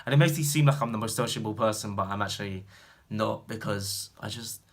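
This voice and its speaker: A man's voice: fairly low pitch, fairly quick. Rambling young British man. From Britain. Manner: rambling, filler-heavy, jumps from loud animated bursts to mumbled asides. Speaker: vlogger. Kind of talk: casual chat to camera.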